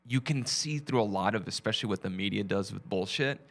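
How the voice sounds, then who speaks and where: A man hosting a casual interview podcast, talking in an animated way and often acting out quoted voices. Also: fairly low pitch, fairly quick, creaky. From family from Mexico. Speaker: podcast host.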